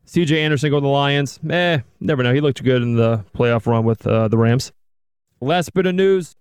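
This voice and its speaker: A man's voice: medium pitch, normal speed, clear, resonant tone, no room sound, clean studio sound. A man hosting a casual sports podcast, reading football news amid crude joking banter. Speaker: podcast host.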